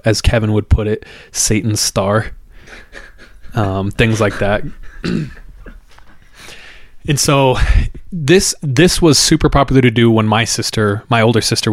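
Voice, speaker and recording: A man's voice: lowish voice, normal speed, dry recording, studio quality. A man casually telling a scary local legend, building suspense and acting out the people in it. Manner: builds suspense, acts out quoted voices. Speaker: storyteller. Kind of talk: casual storytelling.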